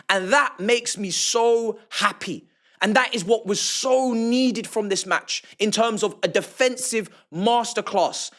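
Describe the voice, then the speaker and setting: A young man with a notably high-pitched voice delivering a fired-up post-match football reaction. He talks emphatically, stacking repeated phrases and slangy banter as he builds his points. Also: fairly bright tone. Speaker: football fan reaction host.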